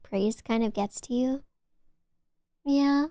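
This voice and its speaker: A young woman with a Valley Girl accent chatting on her stream, talking loosely with lots of "like"s and sometimes dropping to a soft whisper. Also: takes it slowly, dry recording, clean studio sound. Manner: chatty, filler-heavy with many "like"s, dips into low whispers. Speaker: VTuber streamer. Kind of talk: casual chat stream.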